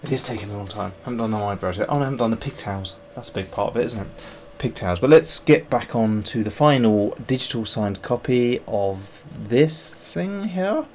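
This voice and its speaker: A man's voice: medium pitch, lively intonation, fairly quick, hardly any pauses, darkish tone, slight background noise. A man on a livestream, rambling and thinking aloud as he sculpts, joking at himself and greeting viewers. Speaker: sculptor streaming his work. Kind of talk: casual livestream chat while working.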